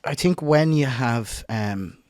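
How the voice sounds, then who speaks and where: Irish man, podcast co-host, mid-pitched, rambling, swearing, dry close sound. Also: expressive, slow pace, a little mellow, dry recording. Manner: emotional, rambling, swears freely, stumbles. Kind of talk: casual chat.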